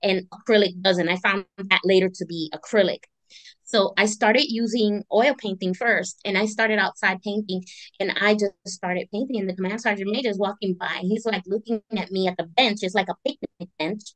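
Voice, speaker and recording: A woman's voice: medium pitch, normal speed, no echo. A middle-aged woman, an artist and army veteran, telling her story as an interview guest and acting out the voices in it. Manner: animated, acts out voices in her stories. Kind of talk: conversational storytelling.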